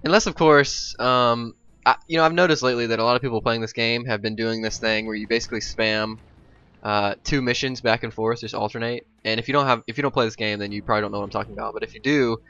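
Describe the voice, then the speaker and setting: A man's voice: mid-range voice, steady tone, fast talker, sharp tone, lo-fi sound. A young man giving casual, rambling game commentary as a voice-over, full of ums and asides. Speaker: gameplay commentator.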